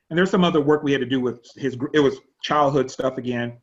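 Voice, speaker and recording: A man's voice: medium pitch, quick pace, slight background noise. Man pastor telling stories over a call. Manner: chatty, animated storyteller. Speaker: pastor and teacher. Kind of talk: teaching an online class. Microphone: video call. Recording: dull lo-fi online call audio.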